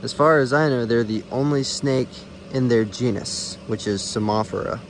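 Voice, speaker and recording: At a normal speed and in a mid-range voice, a man narrates finding snakes on a rural night road for his field herping vlog. He's chatty, easygoing, and fond of the animals, with a little hiss or hum audible.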